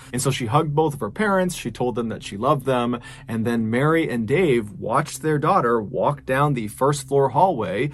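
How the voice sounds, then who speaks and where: A host and storyteller recounts a true-crime story in a casual, conversational manner, sprinkling in lots of "you know" fillers. His voice is medium-pitched, with a little hiss or hum in the background.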